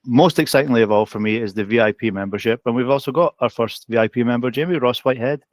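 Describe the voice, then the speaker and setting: An upbeat man in a mid-pitched voice co-hosts a casual chat about a coaching community, often turning to his partner by name. His voice sounds dry and close, with no room echo. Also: fast. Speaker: co-host of a coaching community update.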